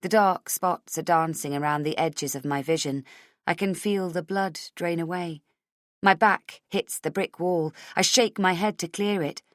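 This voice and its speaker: A woman's voice: lowish voice, measured pace, no echo, clean studio sound. A woman narrating a thriller audiobook in the first person, with tense, urgent storytelling.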